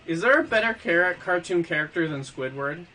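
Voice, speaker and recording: A man teasing his friends on a voice call. His voice is high, very bright and sharp, and it jumps around a lot. Faint music plays behind him. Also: animated, moderate pace, poor audio. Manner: joking, teasing. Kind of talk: casual chat with friends. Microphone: voice call mic.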